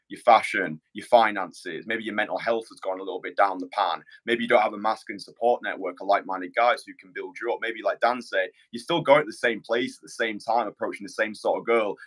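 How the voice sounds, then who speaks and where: A man hosting a podcast as a dating coach, talking bluntly in casual chat, swearing and restarting his sentences. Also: on the low side.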